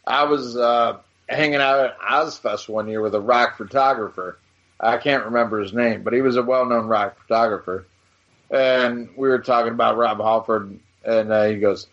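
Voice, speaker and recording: A man's voice: medium pitch, fairly even intonation, moderate pace, a bit bright. A man co-hosting a casual chat, telling stories in a rambling, profane way with lots of restarts. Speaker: podcast co-host. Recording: dull lo-fi sound.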